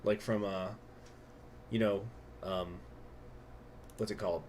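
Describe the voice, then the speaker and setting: A man's voice: sits low, steady tone, slow, a little mellow, a little hiss or hum. A man hosting a casual gaming livestream, talking to himself about plans and swearing now and then. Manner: talks to himself, muttering plans, occasional swearing. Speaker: host.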